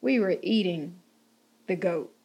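A young woman in casual chat, animated and slangy, laughing often. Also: lowish voice, slow, slightly rough.

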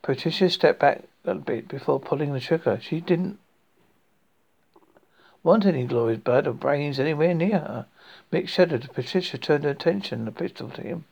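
A man's voice: on the high side, lively intonation, normal speed, vocal fry, a little mellow, husky. A man hosting a horror podcast, reading a story aloud with frequent stumbles and restarts.

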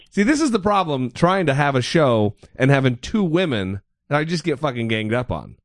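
A man's voice: medium pitch, sing-song, normal speed, no room sound, clean studio sound. A man hosting a podcast in loose, joking, profane casual chat. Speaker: podcast host.

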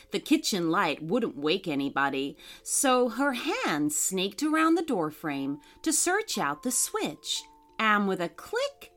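A woman reading a bedtime story aloud as a storyteller, gentle and expressive. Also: mid-range voice.

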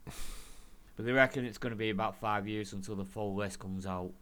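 A man co-hosting a podcast in casual chat, animated, laughing often and swearing freely. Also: fairly low pitch, moderate pace. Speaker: podcast co-host.

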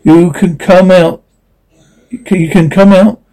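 A man's voice: sits high, fairly even intonation, unhurried, dark tone, low-quality recording. An actor playing a stern, protective middle-aged father who talks firmly in a TV drama. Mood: stern scolding. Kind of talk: TV drama acting.

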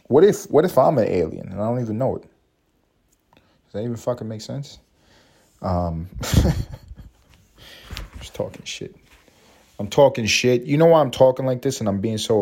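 A man's voice: lowish voice, dark tone. A young man hosting a casual solo podcast, rambling and swearing freely, laughing often. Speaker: podcast host.

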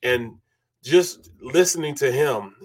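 A man's voice: medium pitch, slow pace. A middle-aged man hosting a sports talk show, speaking in a loose, rambling way with lots of "you know" and restarts. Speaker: sports radio host.

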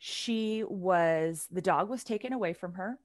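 A woman on a podcast telling a story in a casual, animated way, with her voice swinging from loud to hushed. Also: on the low side, unhurried, no echo.

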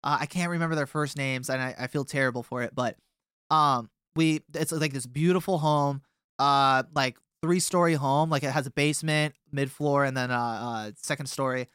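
A man's voice: medium pitch, fairly even intonation, moderate pace, fairly bright tone, clean tone, dry recording, clean studio sound. A young man from a touring band telling a long tour story in a casual, rambling way with many fillers.

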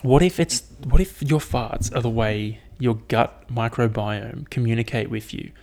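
A young man talking alone on his podcast in a loose, rambling way, full of swearing and fillers. His voice has a gravelly, creaky texture at a middling pitch. He sounds casual and unscripted throughout. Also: unhurried, a little mellow. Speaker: podcast host. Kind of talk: casual solo podcast monologue.

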